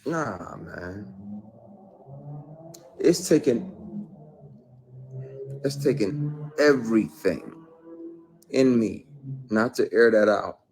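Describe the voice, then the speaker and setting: A man's voice: fairly low pitch, expressive, extremely slow, pauses often, a little mellow, soft background music. A man, an actor, giving emphatic and blunt testimony in an interview, swearing freely as he talks.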